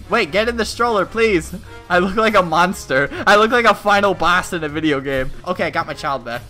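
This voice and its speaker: A young man giving crude, excitable gameplay commentary, laughing often as he plays. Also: sits high, brisk, soft background music. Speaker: gaming YouTuber.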